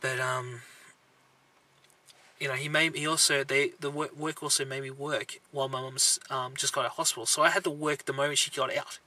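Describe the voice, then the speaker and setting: In a rough recording, a medium-pitched male voice comes across flat, a little fast, pushed and bright. The speaker, a vlogger with a Filipino family background, tells his personal testimony to camera earnestly and conversationally. He leans heavily on fillers and tag questions like "right?"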